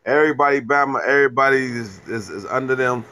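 A man's voice: medium pitch, fast talker, bright, forceful tone. A man co-hosting a casual sports podcast, telling stories with mock voices and laughs. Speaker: podcast co-host. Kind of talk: casual group chat.

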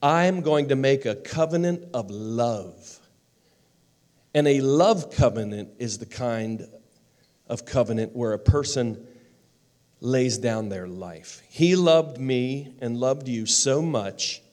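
A man pastor delivering a sermon, stressing phrases slowly and dropping into soft, close storytelling. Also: medium pitch. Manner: emphatic preaching with slow, drawn-out phrases and soft storytelling stretches.

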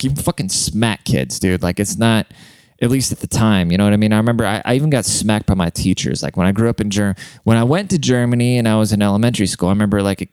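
A man's voice: lowish voice, darkish tone, smooth, no room sound. A young man telling stories on a podcast, rambling and swearing, often breaking into laughs. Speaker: podcast host. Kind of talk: casual podcast monologue.

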